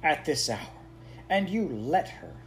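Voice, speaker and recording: A gruff elderly admiral, brusque and disapproving, as a male reader voices him. He speaks in short, clipped remarks. Read for a storybook. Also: a little high, very animated, slow, a little hiss or hum, pitched above the performer's own voice, exaggerated voice. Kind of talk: audiobook character voice.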